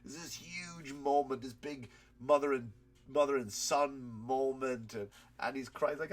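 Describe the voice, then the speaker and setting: Sick with a cold, the comedian and podcast host keeps up his rambling, profane comedic rant and laughs at his own tales. He speaks a little slowly in a mid-range voice.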